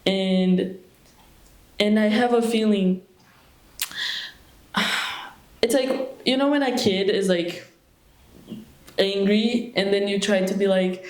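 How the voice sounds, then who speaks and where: A woman's voice: medium pitch, steady tone, slow pace, long pauses, a little mellow. A young woman at a retreat asking a question into a handheld microphone, hesitant and searching for words with many fillers and restarts. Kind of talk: question at a monastery Q&A. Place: meditation hall at a retreat. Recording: echoey hall.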